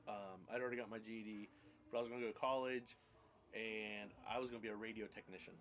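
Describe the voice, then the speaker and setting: A man's voice: fairly low pitch, steady tone, fast, fairly bright tone. A man in his thirties casually telling his life story on a podcast, rambling and blunt, with casual swearing.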